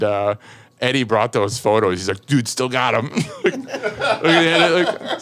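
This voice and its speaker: A man's voice: mid-range voice, a bit bright. A man with a Chicago-area American accent, a firefighter guest telling a story in a casual chat, laughing often and filling his talk with fillers and acted-out quotes.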